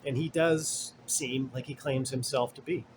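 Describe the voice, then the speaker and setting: A man's voice: medium pitch, steady tone, measured pace, background noise. A man in the middle of his range talks through a casual commentary monologue. He wanders off on tangents and stacks up asides, and his tone turns blunt and sarcastic, with the odd curse thrown in. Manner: rambling and digressive, many fillers and asides. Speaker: commentary host.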